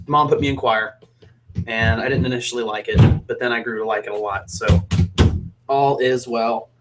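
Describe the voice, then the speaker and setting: A man's voice: medium pitch, fairly even intonation, normal speed, very noisy. A young man from Alabama, hosting a casual, upbeat and jokey live stream chat as a singer. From Alabama, USA.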